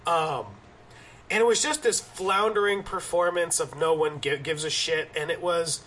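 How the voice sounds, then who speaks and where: Male podcast host, high voice, animated and jokey, loose casual delivery. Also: normal speed, slight background noise. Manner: animated, joking, swears casually. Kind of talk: casual gaming podcast chat.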